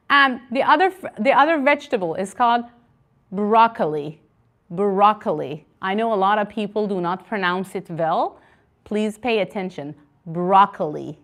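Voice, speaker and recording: A woman teaching an online English conversation class, encouraging and repeating words slowly for learners over a video call. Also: a little high, a bit bright.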